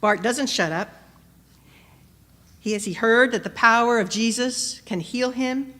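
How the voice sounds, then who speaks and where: A woman preacher delivering a sermon, measured and questioning, rising to emphatic peaks and dropping soft. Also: fairly high pitch. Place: church. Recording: long church reverb.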